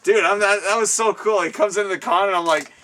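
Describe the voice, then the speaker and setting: A man hosting a casual interview at a guest's home, excitable and rambling, laughing often, recorded from a distance. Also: sits high, quick pace, background noise. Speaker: show host. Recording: distant mic, faint room ambience.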